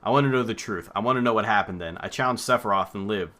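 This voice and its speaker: A man's voice: lowish voice, quick pace, pushed and bright. A man reading a brooding young mercenary. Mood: searching.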